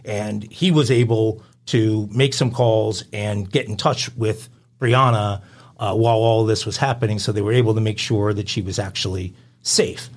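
A man's voice: fairly low pitch, steady tone, moderate pace. A man co-hosting a crime podcast, reading news stories aloud with frequent uhs and casual asides. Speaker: podcast co-host.

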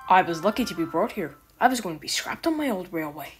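A woman voicing an anxious, loyal male steam engine in a storybook reading, soft and worried. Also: lowish voice, expressive, fast, soft background music, voice pushed down, lightly acted.

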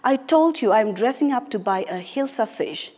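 A woman teacher reading the lines of a clever male court advisor in a storybook, calm and stubborn. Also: a little high, normal speed, breathy edge, in a large hall.

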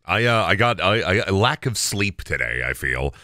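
A man's voice: deep voice, sing-song, moderate pace, sharp tone, no echo, clean studio sound. A man in his thirties chatting casually on a gaming stream, telling rambling stories full of stammers, restarts and bursts of laughter. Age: 30s.

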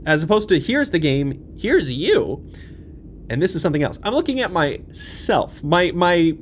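A man's voice: a little high, a little hiss or hum. Jumpy young man playing a horror game. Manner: jumpy, swings from hushed muttering to yelps. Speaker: gaming channel host. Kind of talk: horror game let's play commentary. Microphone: desk microphone.

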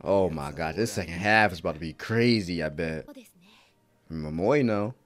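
A man's voice: deep voice, moderate pace. A man hosting an anime reaction video, talking in casual, slangy commentary, exclaiming and laughing often.

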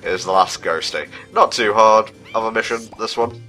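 A man's voice: on the low side, normal speed, pushed and bright. A man doing casual, jokey co-commentary on a video game playthrough. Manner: chatty, jokey, light banter. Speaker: let's play co-commentator. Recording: game music underneath.

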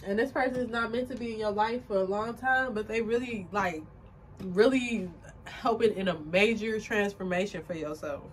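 A woman's voice: medium pitch, moderate pace, slight background noise. A young woman giving a casual tarot reading to camera, rambling with lots of fillers and close to tears. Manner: rambling, filler-heavy, emotional and tearful at times. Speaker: tarot reader.

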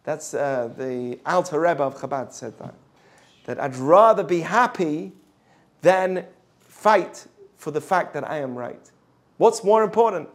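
A man teaching a Jewish ethics class, animated, acting out the voices of the people he quotes. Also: a little high, a little slow.

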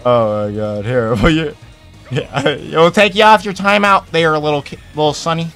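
Excitable high-voiced young male streamer. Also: slow, gravelly, long pauses, soft background music. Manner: excitable, profane, hypes up his chat. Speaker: Twitch streamer. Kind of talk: casual livestream chat.

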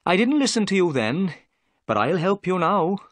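A man's voice: high voice, big pitch swings, moderate pace, no echo, voice pushed up. A man voicing a humbled middle-aged police inspector in a read-aloud story, polite and apologetic. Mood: remorseful.

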